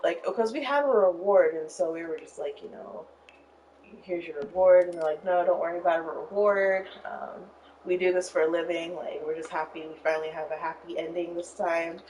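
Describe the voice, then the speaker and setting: A woman's voice: on the low side, normal speed, a little mellow, slight background noise. Rambling young woman, distant mic. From Arizona. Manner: rambling, many fillers, emotional retelling. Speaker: streamer telling a story. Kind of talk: casual storytelling while gaming.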